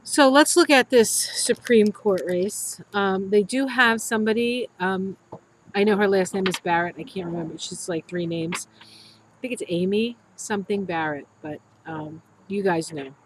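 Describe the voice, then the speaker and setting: A woman's voice: mid-range voice, unhurried, slight background noise, poor audio. A middle-aged woman, an astrologer, talking casually and rambling to her viewers with many ums and restarts. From United States. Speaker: astrologer and tarot reader. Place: healing center room.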